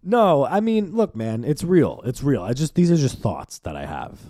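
A young man hosting a solo podcast, ranting in an animated, profane way full of fillers. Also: mid-range voice, measured pace, no echo, clean studio sound. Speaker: podcast host.

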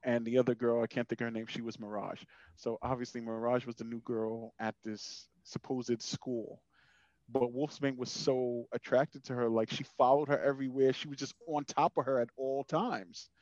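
Animated male podcast co-host, dry, slightly muffled sound. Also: moderate pace, dry recording. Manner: animated, jumps pitch for quoted asides. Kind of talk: casual chat.

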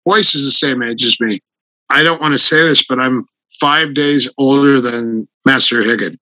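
An older man with a gravelly voice, a grappling coach telling rambling, animated stories in an interview. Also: mid-range voice, normal speed, no room sound, low-quality recording. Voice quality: gravelly voice from a flattened throat. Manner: rambling, animated anecdotes with restarts. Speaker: guest, grappling fighter and coach. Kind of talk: casual storytelling in an interview.

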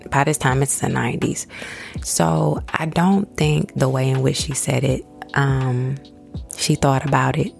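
A woman's voice: very deep voice, steady tone, a little slow, vocal fry, darkish tone, faint music behind. A woman, telling a personal story in a casual, conversational way and calling her listeners y'all. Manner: conversational, addresses listeners as y'all, acts out quoted voices.

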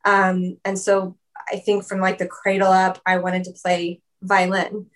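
A woman's voice: medium pitch, completely flat delivery, measured pace. Woman guest, chatty and giggly, loose casual talk. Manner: chatty, lots of "like" and "um", laughs often. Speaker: musician guest. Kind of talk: casual interview chat. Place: video call.

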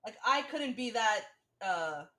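Lively, bright woman with casual swearing. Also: a little high, slow pace. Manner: lively, swears casually, acts out characters' lines. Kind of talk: casual watch-along chat.

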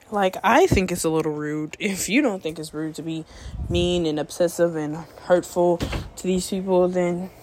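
A woman vlogger talking fast in a blunt, profane casual rant. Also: fairly low pitch, a little mellow. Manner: blunt, heavy swearing. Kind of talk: casual ranting monologue.

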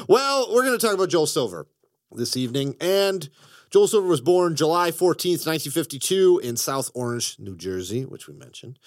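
A man hosting a comedy podcast, joking around and now and then slipping into a gruff put-on accent. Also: mid-range voice, no echo, studio quality. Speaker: podcast host. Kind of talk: comedic casual chat.

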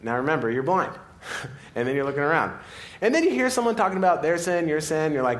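A man preaching a sermon in a church, playful and animated, laughing as he acts out scenes. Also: on the high side, fast. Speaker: pastor.

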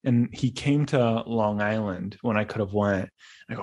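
A man's voice: fairly low pitch, moderate pace. Rambling young man hosting a podcast. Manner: rambling, animated storytelling with frequent restarts. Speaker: podcast host. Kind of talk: casual monologue.

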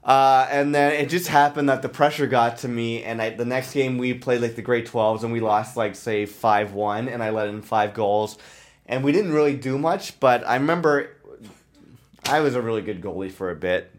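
A man's voice: medium pitch, moderate pace. Man, 30s, podcast host, rambling self-mocking storyteller, casual. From Canada.

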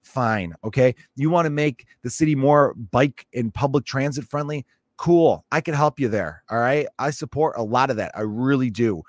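Man host, comedic rant, sarcastic and profane, mid-pitched, dry booth sound. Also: moderate pace, no room sound. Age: adult parent.

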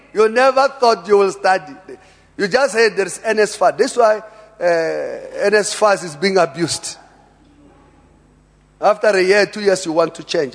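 A South African man preaching a sermon in a large church hall, emphatic, with quiet asides and sudden loud bursts. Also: sits high. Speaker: pastor. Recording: long reverb of a church hall.

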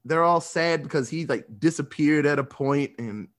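A man with a fairly high voice recaps a film in a casual, rambling way. He swears freely and laughs often as he tells the story. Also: normal speed. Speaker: podcast host.

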